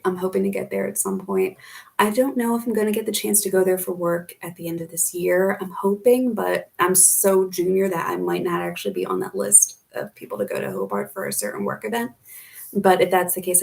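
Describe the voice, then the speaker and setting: American gal doing a live q&a, casual and rambly, bit of fry in her voice. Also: mid-range voice, darkish tone. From United States, Philadelphia area. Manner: chatty, reads out viewer comments and answers them. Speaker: YouTuber living in Australia.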